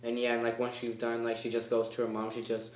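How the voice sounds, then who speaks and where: A man's voice: medium pitch, completely flat delivery, fast talker, a little hiss or hum. A man giving a casual spoken movie review. He rambles and hesitates, with lots of fillers. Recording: echoey room.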